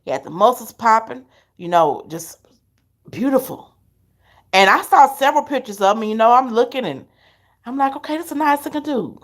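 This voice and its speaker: Middle-aged woman, live-stream host, chatty and animated, fairly high voice. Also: quick pace. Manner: animated, chatty, laughs often. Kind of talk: casual storytelling to viewers.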